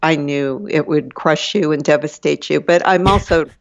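Older woman guest, soft and hesitant, muffled dry recording. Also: low voice, normal speed, dry recording. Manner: soft-spoken, hesitant, laughs often. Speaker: guest, the host's mother. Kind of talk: casual chat. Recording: dull lo-fi sound.

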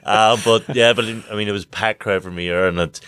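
A man tells sweary, laughing stories in casual chat. His voice sits on the low side. The sound is close and dry. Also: fairly even intonation, moderate pace, fairly bright tone, smooth, no echo. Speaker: guest boxer.

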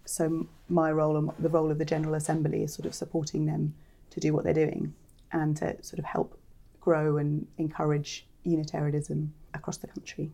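A woman, a church organization's chief officer, explaining her work in a measured interview. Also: low-pitched, completely flat delivery, creaky, warm tone.

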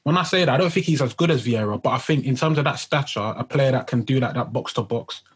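Male podcast co-host, husky mid-range voice, excited slangy chatter. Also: mid-range voice, quick pace, low-quality recording. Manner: excited, chatty, lots of fillers like "man" and "I can't lie". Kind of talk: casual football podcast chat.

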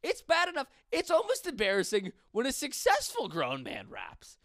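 A man's voice: extremely high pitch, normal speed, no room sound, studio quality. A man in his twenties, a stand-up comedian from western New York, ranting casually with lots of profanity. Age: 20s. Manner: profane, rambling, animated. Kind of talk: casual podcast rant.

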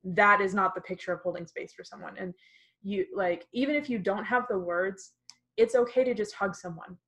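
A woman's voice: mid-range voice, normal speed, fairly bright tone, low-quality recording. A woman in casual conversation, telling a personal story earnestly and with animation, using plenty of fillers.

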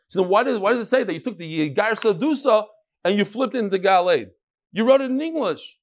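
A man teaching a Talmud class, asking and answering his own questions in an animated, rhetorical way. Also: sits high, quick pace.

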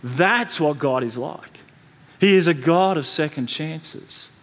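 A man's voice: fairly high pitch, takes it slowly, a bit bright. A man preaching a sermon, telling the story in a conversational way with frequent restarts and repeated words. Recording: long reverb from a large hall.

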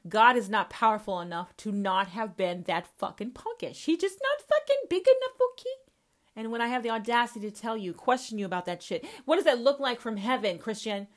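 A woman's voice: medium pitch, brisk. A woman hosting a podcast, talking in a confrontational monologue that is full of swearing and speaks straight to the listener. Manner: confrontational, swears constantly, addresses listener directly. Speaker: podcast host. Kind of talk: profane monologue.

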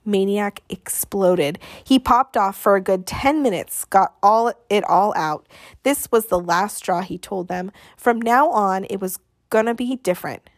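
A woman narrating an audiobook in a measured, expressive way, with dramatic pauses. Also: medium pitch, no room sound, studio quality.

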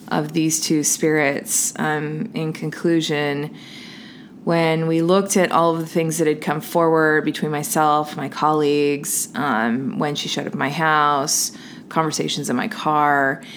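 Low-voiced woman telling a ghost story. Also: slight background noise. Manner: animated retelling with laughs and quoted asides. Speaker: medium. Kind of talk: casual spoken storytelling.

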